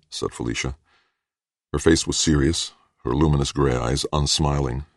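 A man narrating an audiobook in a measured, steady reading. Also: rumbling low, dry recording, clean studio sound. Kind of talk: scripted narration.

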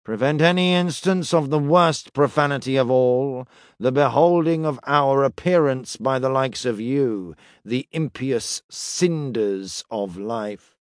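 Man intoning as Hedgegold, a nasal monotone zealot. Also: mid-range voice, dry recording, studio quality, lightly acted. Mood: solemn. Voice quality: flat, monotone, vaguely nasal. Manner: slow, solemn intoning. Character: pompous flat-voiced male temple tender.

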